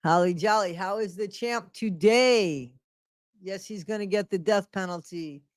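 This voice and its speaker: A woman's voice: medium pitch, a little slow, no echo, studio quality. A middle-aged woman hosting a casual live stream from home, greeting viewers by name and repeating her phrases. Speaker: livestream host.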